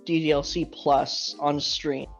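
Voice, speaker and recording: Co-host, mid pitch, enthusiastic casual gamer chat. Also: little pitch movement, takes it slowly, creaky, highs cut off, faint music behind.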